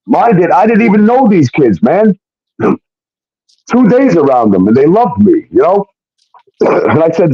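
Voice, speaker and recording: A man's voice: fairly high pitch, big pitch swings, normal speed, pauses often, breathy edge. A man telling a personal story in a heated, casual way, acting out what others said and swearing often. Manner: heated, swearing, acts out quotes. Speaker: guest telling his story. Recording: dull lo-fi sound.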